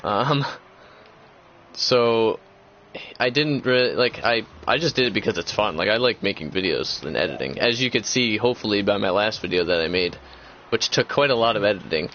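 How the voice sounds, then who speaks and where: A young man with a lowish voice talks casually as the host of a gaming chat, rambling and circling back with many fillers and restarts. The recording sounds dull and lo-fi. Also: moderate pace, a bit bright, a little hiss or hum.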